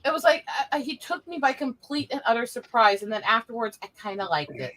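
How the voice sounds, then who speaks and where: Bright, laughing woman telling stories. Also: on the high side, sing-song, a little fast. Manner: storytelling, laughs often, swears freely. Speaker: podcast co-host. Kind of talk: casual chat on a livestream.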